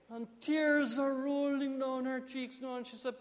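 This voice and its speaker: High-voiced Jamaican pastor preaching. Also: male voice, moderate pace, hardly any pauses, big-room sound. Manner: animated storytelling, emphatic swings in loudness. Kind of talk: sermon storytelling.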